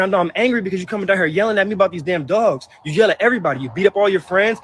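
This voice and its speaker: Man, high voice, rapid-fire heated profane rant, hurt and upset; personal vlog to camera. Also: a bit bright, husky, no echo. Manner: heated, profane, repetitive outbursts. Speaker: vlogger. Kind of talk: emotional personal venting to camera.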